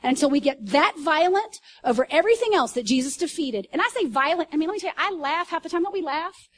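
A woman pastor preaching to a congregation, telling stories in an animated way with loud bursts and asides. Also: very high-pitched, quick pace. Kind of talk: sermon. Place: church service.

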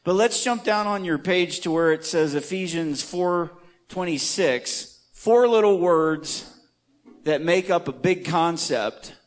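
A man's voice: high voice, slow pace, dry recording. A man teaching an interactive church Bible study, asking the group questions in a conversational, emphatic way.

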